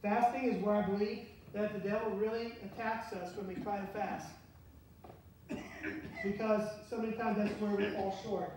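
Pastor, conversational sermon, questions to the congregation, booming church echo, distant mic. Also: fairly even intonation, normal speed, a little mellow. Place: church sanctuary. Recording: very echoey church from far off, faint hiss.

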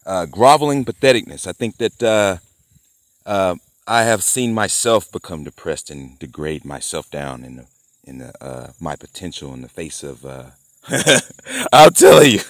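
A man's voice: on the low side, big pitch swings, moderate pace, no room sound, studio quality. A man vlogging outdoors by a garden plot, rambling, swearing and laughing as he taunts someone. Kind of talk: rambling outdoor vlog rant.

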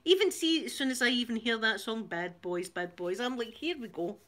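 A woman's voice: fairly high pitch, expressive, a little fast, a bit bright. Giggly Glaswegian woman chatting live. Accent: Glaswegian Scottish. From Glasgow, Scotland. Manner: chatty, giggly, laughs often between lines. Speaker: channel host reading viewer comments. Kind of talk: casual live-stream chat.

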